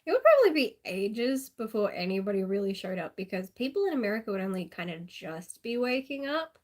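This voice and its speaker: A woman's voice: mid-range voice, sing-song, brisk, a little mellow. A woman with an Australian accent chatting casually and sarcastically on a live stream, laughing often.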